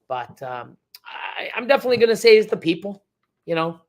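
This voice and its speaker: A man's voice: high-pitched, big pitch swings, a little fast. Rambling man chatting on a livestream. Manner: rambling, many fillers and restarts. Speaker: reptile breeder hosting a livestream. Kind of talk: casual livestream chat reading the chat.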